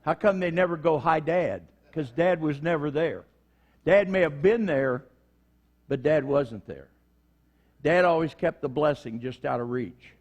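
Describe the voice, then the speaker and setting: A man's voice: a little high, unhurried, highs cut off. A middle-aged man preaching a conversational sermon in church, acting out short quotes as he goes. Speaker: prison minister preaching.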